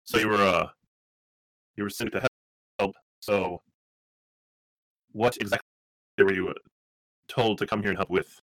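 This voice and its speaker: Black Abishai, a man voicing a gruff fiend. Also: fairly low pitch, steady tone, a little slow, pauses often, a bit bright, dry recording. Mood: suspicious. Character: Black Abishai, a devilish dragon-like fiend guard.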